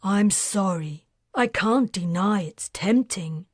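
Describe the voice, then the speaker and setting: A man's voice: sits high, slow pace, no room sound, studio quality. A woman voicing an anxious young man, an indebted weapons expert, in an audiobook, earnest and worried. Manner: earnest, worried, bursts into excitement.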